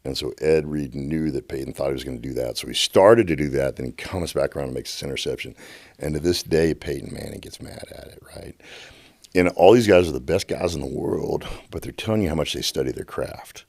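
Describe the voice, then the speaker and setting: Middle-aged guy with a super deep voice, passionate podcast guest, keeps restarting his sentences, dry close mic. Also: a little fast, no echo. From United States. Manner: animated, repeats words and restarts sentences. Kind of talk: passionate storytelling. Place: podcast studio.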